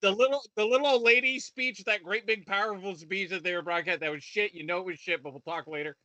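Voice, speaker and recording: A man's voice: high-pitched, steady tone, fast, sharp tone, no echo. A man co-hosting a review podcast, ranting in casual chat with lots of profanity and stop-start restarts. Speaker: podcast co-host reviewing shows.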